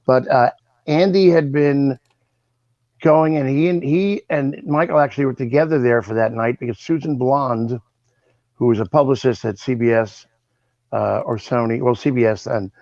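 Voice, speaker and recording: A man in his sixties, a guest on an interview show, telling lively anecdotes and acting out the voices of the people in them. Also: mid-range voice, moderate pace, no echo, dull audio. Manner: animated, acts out voices in his stories. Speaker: guest, original cast member. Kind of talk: anecdotal storytelling.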